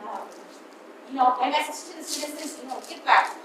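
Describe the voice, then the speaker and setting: A woman's voice: high-pitched, a little fast. Emotional woman giving a humble acceptance speech. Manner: humble, emotional, hesitant with many fillers. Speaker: award recipient, alumna. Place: large auditorium. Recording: echoey room, distant mic, noise.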